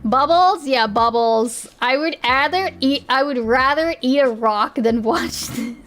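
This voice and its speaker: A woman's voice: sits high, measured pace, fairly bright tone, a little hiss or hum. A young woman streaming live, chatting casually in a giggly, rambling way with lots of restarts. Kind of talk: casual livestream chat.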